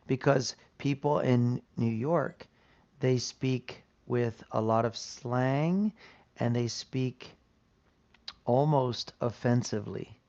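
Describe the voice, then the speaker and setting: An American man teaching an English lesson, explaining points patiently and checking in with "right?". His voice has a gravelly edge. The sound is dull and lo-fi. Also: mid-range voice, takes it slowly, a little mellow. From United States.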